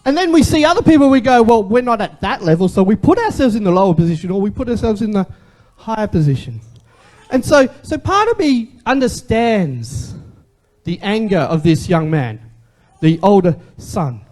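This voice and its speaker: A man preaching to his congregation in a loose, conversational sermon. His voice sits high and leaps all over the place with a lively energy. He keeps turning rhetorical questions back on his listeners. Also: moderate pace. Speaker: pastor.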